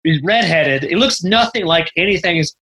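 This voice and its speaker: Man, podcast co-host, bright voice, lively pitch, rambling jokey book chat. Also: low-quality recording. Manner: rambling, joking, quick impressions. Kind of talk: casual book discussion.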